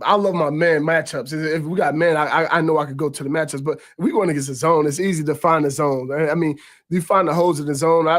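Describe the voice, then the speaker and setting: A man in his thirties, a former quarterback, telling game stories in casual sports talk, repeating words as he goes and jumping high in pitch when he quotes others. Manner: repeats words while gathering thoughts.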